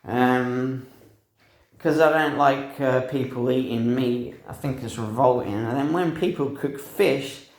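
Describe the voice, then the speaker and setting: A man's voice: medium pitch, unhurried, darkish tone. A young man telling a rambling personal story, swearing freely and laughing at himself. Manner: profane, meandering, laughs at himself. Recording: roomy echo.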